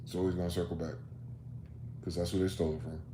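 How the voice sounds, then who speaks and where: Low-voiced man ranting in an echoey room. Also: level tone, quick pace. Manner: rhetorical questions, profane, combative. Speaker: host. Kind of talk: solo rant monologue. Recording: roomy echo, faint background noise.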